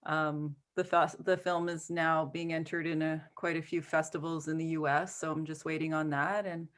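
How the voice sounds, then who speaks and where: Lively middle-aged woman, lower voice. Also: normal speed. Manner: animated, laughs often, acts out quotes. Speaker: filmmaker and guest. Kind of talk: conversational Q&A over video call. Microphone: video call.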